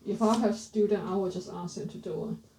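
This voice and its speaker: A woman teaching pronunciation, repeating words slowly and correcting herself as she goes, in a casual lesson. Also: mid-range voice, fairly even intonation, warm tone, slight background noise. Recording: roomy, slightly distant mic.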